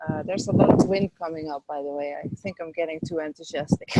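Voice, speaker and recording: A woman spiritual teacher and tour leader, a guest in a casual interview, speaks fairly quickly in a deep, dark voice with wildly swooping pitch. She's outdoors in the wind, in a rough recording with no echo. Enthusiastic and chatty, she uses lots of fillers while describing her tours and workshops.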